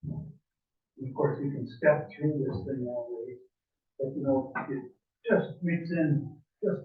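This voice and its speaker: A man's voice: medium pitch, slow pace. Rambling older man demonstrating to a club. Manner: rambling, chuckling, many fillers. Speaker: woodworking club presenter. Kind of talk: informal demonstration talk. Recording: echoey room, far from mic, phone-like.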